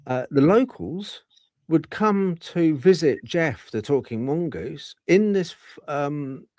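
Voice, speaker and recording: Male podcast host, lively up-and-down voice, rambles and restarts, dry close sound. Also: on the high side, slow pace, dry recording. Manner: rambling, with many fillers and restarts. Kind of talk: casual storytelling chat.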